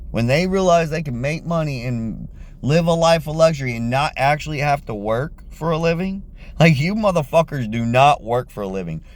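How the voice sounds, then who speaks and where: A man's voice: a little high, animated, normal speed. A man giving an angry, profane political rant to camera, blunt and heated. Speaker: vlogger.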